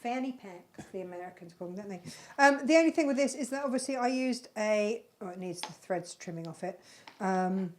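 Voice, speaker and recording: A woman's voice: medium pitch, expressive, fairly quick, few pauses. A woman hosting a live crafting channel, chatting casually and rambling fondly about handmade bags she is selling. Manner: chatty, rambling, fond of her makes. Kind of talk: casual live-stream product chat.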